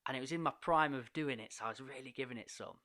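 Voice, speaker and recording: A man tells a story on a podcast in an animated, casual way, laughing often. His voice is bright and forward, recorded close and dry, with no room sound. He speaks at a middle pitch. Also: fast, no room sound. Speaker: podcast guest, poet and coach.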